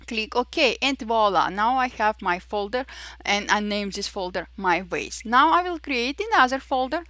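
A woman with a voice narrating a step-by-step software tutorial, pausing often with fillers. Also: mid-range voice, no echo. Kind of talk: screen-recorded software tutorial.

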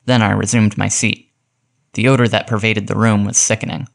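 A man reads a classic mystery aloud in a measured, steady storytelling delivery. His voice sits somewhat low. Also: vocal fry. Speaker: audiobook narrator. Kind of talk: scripted audiobook narration.

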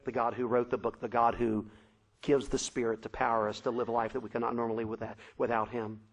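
A man preaching a sermon, telling a story dramatically with shouted sound effects. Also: medium pitch, level tone, fast talker, poor audio.

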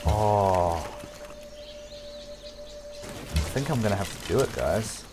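A young man casually commenting on a strategy game as he plays, thinking aloud, humming and breaking into excited outbursts for viewers. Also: lowish voice, takes it slowly, over music. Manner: talks to himself and viewers, hums, excitable outbursts. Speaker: gameplay commentator. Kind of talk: casual let's-play commentary.

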